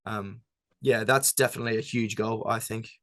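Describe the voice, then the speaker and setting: A young man from a band, chatting casually in an interview, relaxed and rambling with plenty of fillers. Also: lowish voice, normal speed, no echo. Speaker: band member.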